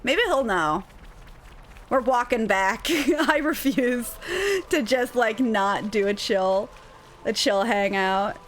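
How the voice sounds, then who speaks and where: A woman's voice: fairly high pitch, slow pace, slight background noise. A woman streaming a video game, chatting casually with viewers and laughing often. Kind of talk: casual livestream chat.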